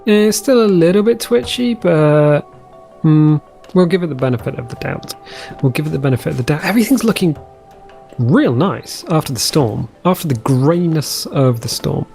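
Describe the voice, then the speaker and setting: A man's voice: on the high side, expressive, normal speed, gravelly, a little mellow, faint music behind. A man giving casual, chatty commentary over his own gameplay, easily delighted and trailing off mid-sentence as he explores. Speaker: let's play host.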